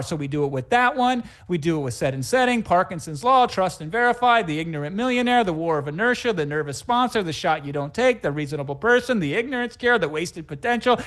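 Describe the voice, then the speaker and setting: Hyped-up man pitching on a webinar. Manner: emphatic, hype-driven, repetitive listing. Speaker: webinar presenter and sales trainer. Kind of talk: live webinar sales pitch.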